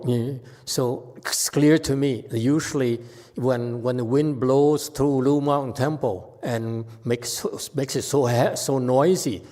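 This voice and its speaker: Slow-speaking man giving a dharma talk. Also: medium pitch, a little mellow, in a large hall. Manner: unhurried, with frequent "okay?" checks. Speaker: meditation teacher. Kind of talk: dharma talk answering questions.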